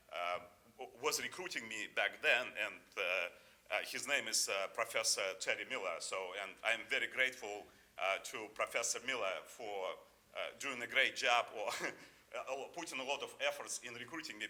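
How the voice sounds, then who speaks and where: A man's voice: medium pitch, sharp tone. A man in his fifties with a non-native English accent, giving an informal award acceptance speech full of fillers and restarts. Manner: hesitant, many fillers and restarts, jokey.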